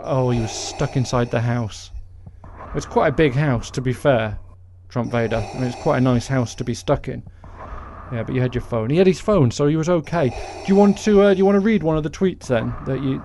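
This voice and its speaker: Sarcastic podcast host. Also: male voice, mid-range voice, a little mellow, a little hiss or hum. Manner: sarcastic, mocking. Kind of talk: comedic political monologue.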